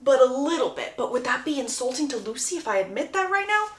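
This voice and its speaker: A woman playing a nervous young suitor from a retold romance novel, his voice sitting fairly high and bright, every line full of flustered second-guessing. The room around the voice rings noticeably. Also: very animated, fast talker, roomy sound. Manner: anxious inner monologue.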